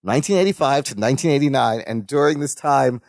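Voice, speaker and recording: A man's voice: mid-range voice, fast, creaky, no room sound, clean studio sound. A man co-hosting a podcast, chatting casually as he recaps a sitcom episode and playfully acts out the characters' lines. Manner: animated, acts out quoted lines in playful voices. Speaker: podcast co-host.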